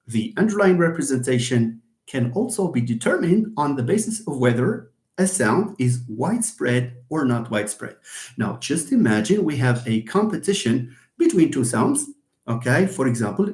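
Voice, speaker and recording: A man's voice: medium pitch, darkish tone. A man giving a live linguistics lecture, explaining and answering his own questions. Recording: roomy echo.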